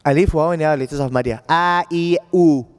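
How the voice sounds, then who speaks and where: High-voiced male teacher in an echoey hall. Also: brisk, smooth. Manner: informal, checks understanding often with "right?". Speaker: Quran recitation teacher. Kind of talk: classroom teaching. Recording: echoey classroom audio.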